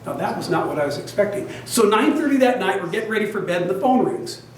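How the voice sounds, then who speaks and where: An older man telling a lively personal story to an audience, acting out the other people's lines as he goes. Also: sits high, fast talker, slight background noise. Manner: animated, self-described big talker, acts out both sides of dialogue. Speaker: genealogy society presenter. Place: meeting room with an audience. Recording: very echoey room, mic at a distance.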